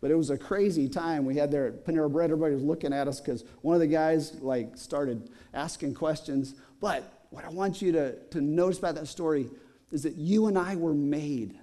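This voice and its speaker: Middle-aged male pastor, slightly high but mellow voice, loose conversational sermon with lots of "uh"s, in a church. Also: a little fast. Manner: conversational storytelling with many fillers.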